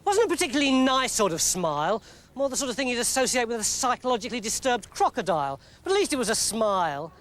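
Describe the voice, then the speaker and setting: An English man telling a comic story in a lively, mock-dramatic narrating voice. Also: extremely high pitch, fast.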